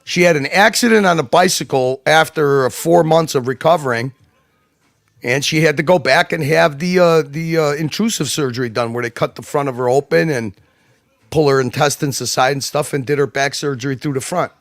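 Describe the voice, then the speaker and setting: A man chats as a livestream guest, rambling and emphatic, full of restarts and asides. His voice sits a little high for a man. The sound is dry and close. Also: moderate pace, creaky, dry recording. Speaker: guest commentator. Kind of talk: casual livestream chat.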